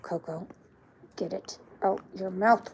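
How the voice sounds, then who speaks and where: A woman's voice: medium pitch, fairly even intonation, takes it slowly, a little hiss or hum. A woman vlogging live from her backyard, chatting in a meandering way and breaking off to scold her dog. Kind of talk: casual rambling chat. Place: backyard, outdoors.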